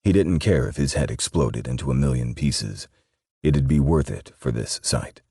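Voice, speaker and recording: Male audiobook narrator, very deep and husky, steady reading. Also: moderate pace, no room sound, clean studio sound. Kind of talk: scripted narration.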